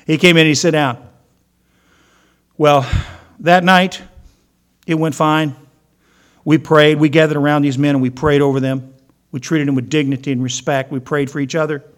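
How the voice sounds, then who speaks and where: Storytelling pastor, fairly high voice. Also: male voice, fairly even intonation, moderate pace, pauses often. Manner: storytelling, acting out quoted voices. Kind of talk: sermon.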